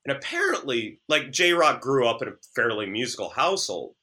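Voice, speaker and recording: Lively, bright-voiced man talking DJ craft. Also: mid-range voice, normal speed. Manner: animated, sarcastic, stammers on restarts. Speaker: podcast guest, DJ. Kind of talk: casual chat.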